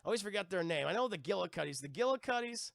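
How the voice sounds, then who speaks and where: A man recaps a cartoon scene by scene for his stream chat, rambling and swearing casually. His voice is high and bright with a gravelly edge. The sound is close and dry. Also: animated, very fast, no room sound. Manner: rambling, full of "like" and "you know", swears.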